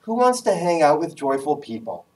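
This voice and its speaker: A man's voice: a little high, moderate pace, distant mic, poor audio. An upbeat man gives a casual, jokey talk to a class on job skills. He is picked up a little away from the mic in a room. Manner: energetic, casual, jokey, acts out phone voices. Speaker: guest speaker giving a career talk.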